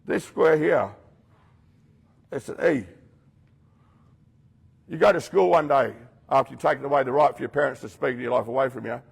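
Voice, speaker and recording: Man, very gravelly and husky, blunt rehab speaker who calls out his listeners directly. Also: medium pitch, normal speed, long pauses. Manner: blunt, addresses listeners directly, acts out quoted voices. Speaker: rehab program leader speaking to residents. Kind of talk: confronting motivational talk.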